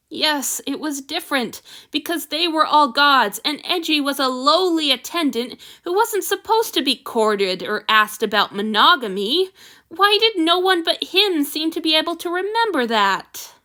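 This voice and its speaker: A woman's voice: sits high, big pitch swings, a little slow, pushed and bright. A woman reading a fan story aloud, narrating and shifting her delivery for each character. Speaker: fanfiction reader.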